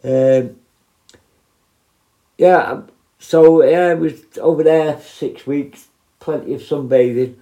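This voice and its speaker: A man's voice: a little high, steady tone, takes it slowly, pauses often, warm tone, lo-fi sound. Rambling man telling stories. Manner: rambling, many fillers and asides. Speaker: former prison officer. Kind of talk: casual storytelling.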